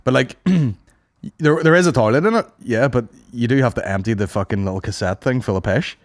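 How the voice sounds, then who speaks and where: A man from Northern Ireland co-hosts a casual comedy podcast, telling crude, rambling stories and swearing a lot. His mid-range voice moves fairly quickly, recorded dry at studio quality.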